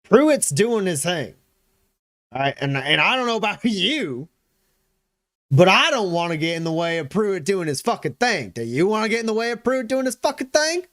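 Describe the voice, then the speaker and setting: A man voicing a gruff male soldier who blusters and swears while pushing his bluff. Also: high voice, very animated, moderate pace, a bit bright, no echo, clean studio sound, pitched above the performer's own voice. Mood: blustering.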